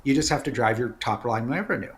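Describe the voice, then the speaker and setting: A middle-aged man, an executive guest in an interview, telling candid stories in a casual, animated way. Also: medium pitch, fast. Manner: candid, storytelling, animated asides.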